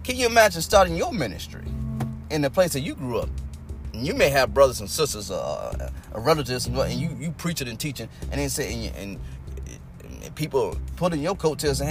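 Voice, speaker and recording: Lively-voiced folksy preacher man, music behind. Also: mid-range voice, fairly quick. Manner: folksy, conversational preaching with dialect and acted-out crowd quotes. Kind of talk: sermon.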